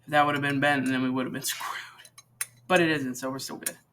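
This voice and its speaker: Bright-voiced teenage boy explaining repairs. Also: mid-range voice, little pitch movement, fairly quick, a little hiss or hum. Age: teens. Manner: rambling, chatty, corrects himself often. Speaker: channel host demonstrating repair. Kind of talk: casual how-to demonstration.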